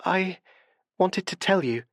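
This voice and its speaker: A man voicing a soft-spoken, quietly unsettling young woman in an audiobook, talking in a hesitant, sincere way. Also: high-pitched, animated, slow pace, no room sound, studio quality, pitched above the performer's own voice, exaggerated voice. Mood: soft, apologetic. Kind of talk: audiobook character voice.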